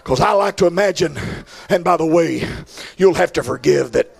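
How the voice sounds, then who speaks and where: A man preaching a sermon, shouting out lines in a sing-song preaching cadence. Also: on the high side, moderate pace, vocal fry, husky.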